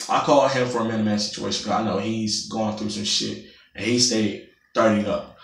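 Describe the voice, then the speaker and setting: A young man with a gravelly, creaky voice tells a story full of cursing for his vlog. His voice sits at an average pitch, and the sound is roomy, picked up from some distance. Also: fairly quick. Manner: profane, animated storytelling. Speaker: vlogger.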